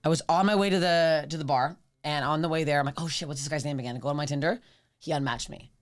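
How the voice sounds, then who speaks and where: Fast-talking woman telling comic stories. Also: low-pitched. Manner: rapid, profane, animated storytelling. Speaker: podcast guest. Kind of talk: casual chat, comic storytelling.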